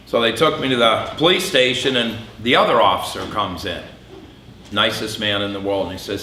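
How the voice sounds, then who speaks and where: A middle-aged man speaks with a bright, forceful edge, giving a candid personal testimony to a crowd. His voice sits a little low and carries flashes of dark humor. The sound is roomy, with faint hall ambience behind it. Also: normal speed, a little hiss or hum. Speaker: public speaker. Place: event hall.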